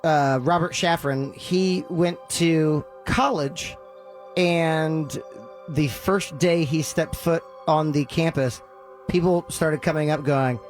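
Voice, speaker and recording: Guy telling a wild story to his buddies, kinda high voice, lots of uhs, some music faint in the back. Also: slow pace. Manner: animated retelling, with filler ums and uhs. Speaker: podcast host telling a story. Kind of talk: casual storytelling among friends.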